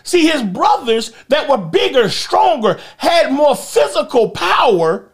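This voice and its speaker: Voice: high-pitched, big pitch swings, takes it slowly. A pastor preaching a sermon and retelling Bible stories with emphasis. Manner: emphatic preaching with vivid storytelling.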